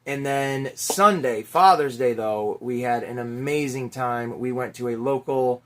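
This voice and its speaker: A middle-aged man telling a Father's Day story in a casual, animated way, swearing now and then and acting out the people in it. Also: medium pitch, measured pace, a little hiss or hum. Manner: animated, chatty, swears casually, mimics voices in anecdotes. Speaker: toy collector vlogger, father.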